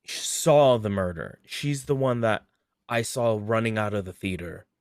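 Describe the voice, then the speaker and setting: A man playing a tabletop horror game in character, halting and stammering. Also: lowish voice, lively intonation, clean tone, no room sound, clean studio sound. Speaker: player.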